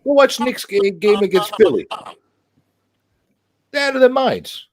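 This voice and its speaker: A man's voice: high voice, big pitch swings, unhurried, slight background noise, rough recording. A man with a New York accent chatting casually as a livestream guest, blunt and profane, repeating words as he tells stories. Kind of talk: casual chat.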